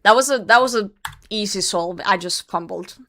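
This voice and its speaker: A young woman streams a game with casual live commentary, chatting with viewers, blunt and self-mocking, laughing a lot and swearing when frustrated. Her mid-range voice is bright and forceful, at a normal speed.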